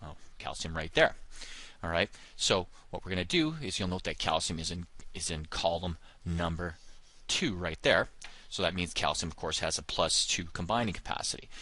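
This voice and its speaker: A man's voice: low-pitched, animated, normal speed, sharp tone. A man teaching a chemistry lesson, explaining step by step with frequent fillers like "of course" and "all right.". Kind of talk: recorded classroom lesson.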